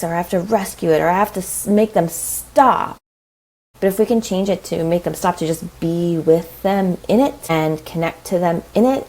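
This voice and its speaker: A parenting coach in her thirties chats in a casual interview, animated and talkative, frequently saying "like" and "right?". Her voice is fairly low in pitch, and the audio is poor.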